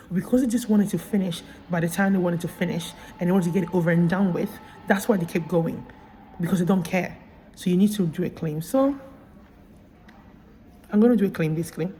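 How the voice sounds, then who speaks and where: Low-voiced woman vlogging from a hospital. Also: warm tone, slight background noise, rough recording. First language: Italian. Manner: indignant, emphatic retelling with quoted dialogue. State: recovering from surgery. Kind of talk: casual vlog storytelling. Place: hospital room.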